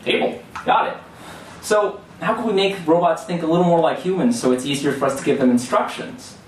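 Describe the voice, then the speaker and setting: A man's voice: on the high side, lively intonation, quick pace, slight background noise. Young man presenting, echoey distant room. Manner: explanatory, loose, with fillers and restarts. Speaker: student presenter. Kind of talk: classroom lecture presentation. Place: lecture hall.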